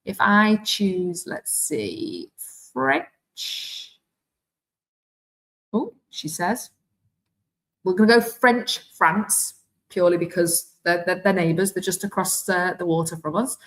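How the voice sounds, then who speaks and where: A woman with a Welsh accent giving a live online software demonstration as a teacher trainer, chatty and thinking aloud as she clicks through. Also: fairly low pitch, lively intonation, measured pace, rough recording. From Wales.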